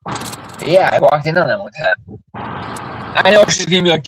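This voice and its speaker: A man's voice: a little high, animated, normal speed, long pauses, noisy background. A man hosting a livestream, telling blunt, profane stories in casual chat. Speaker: livestream host.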